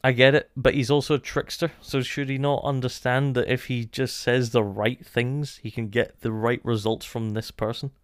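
A man talks through a show review in a loose, musing way, stacking "like" between his thoughts. His voice is smooth and clear. The sound is dry and close, with no room echo. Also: mid-range voice, little pitch movement, moderate pace, few pauses. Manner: thoughtful, musing, many "like" fillers. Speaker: podcast co-host. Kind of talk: casual review chat.

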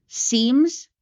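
A woman co-hosting a casual movie podcast, swearing freely and going off on animated tangents. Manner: profane, tangent-prone, animated. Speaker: podcast co-host.

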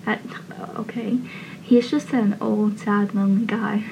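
A woman's voice: medium pitch, little pitch movement, measured pace, gravelly, a little mellow, a little hiss or hum, rough recording. A woman casually retelling a TV episode, stumbling now and then and adding opinionated asides. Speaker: TV episode recapper. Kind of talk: casual recap.

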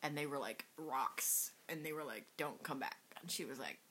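Low, bright-voiced young woman. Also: moderate pace, slight background noise. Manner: rambling, lots of "like", giggly. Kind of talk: casual chat.

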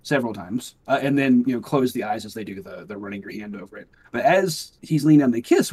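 A man's voice: mid-range voice, a little mellow, husky. A man in casual chat, walking through a movie scene with many fillers and wry remarks. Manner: rambling, filler-heavy, wry. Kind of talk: casual chat reviewing a film.

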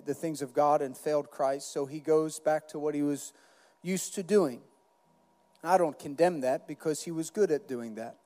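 A man's voice: sits high, dark tone, in a large hall. A man preaching a sermon as pastor, earnest, acting out Bible dialogue with rising intensity.

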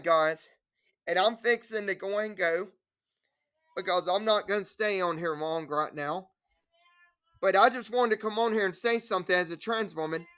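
A woman's voice: medium pitch, sharp tone. A woman delivering an indignant direct-to-camera rant as a trans rights activist, scolding trolls and repeating herself.

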